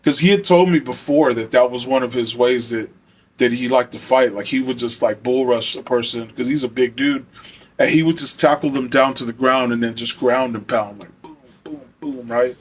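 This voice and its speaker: A man's voice: mid-range voice, moderate pace. Rambling young man telling a story. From Arizona. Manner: rambling, filler-heavy, swears often. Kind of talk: casual storytelling.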